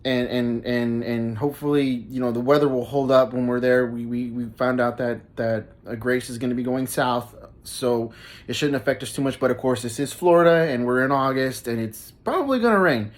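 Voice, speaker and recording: A young man, telling stories casually on his vlog, stumbling over and repeating his words and laughing as he talks. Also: mid-range voice. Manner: halting, repeats words often, laughs mid-sentence. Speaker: vlogger.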